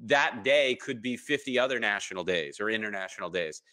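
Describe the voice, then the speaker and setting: A man in his thirties talks as a guest in a relaxed interview. His voice is bright and forward, and he jumps into other people's voices whenever he quotes them. His storytelling is lively and full of ums. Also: lowish voice, brisk. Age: 30s. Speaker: podcast guest.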